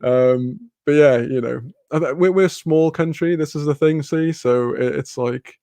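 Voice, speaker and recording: A man from Wales with a Welsh accent, hosting a livestream and chatting casually through viewer comments, relaxed, laughing and swearing freely. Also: on the high side, moderate pace, no echo. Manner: laid-back, swears freely, laughs often. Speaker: livestream host.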